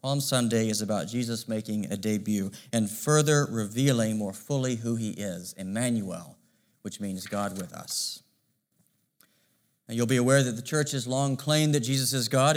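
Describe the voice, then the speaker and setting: A male pastor preaching a sermon, measured and emphatic, asking rhetorical questions. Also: medium pitch.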